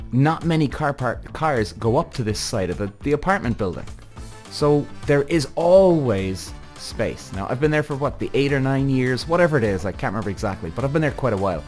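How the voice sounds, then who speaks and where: Man, podcast host, ranting, swearing, lively pitch, mid-range voice. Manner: animated, swearing, exasperated storytelling.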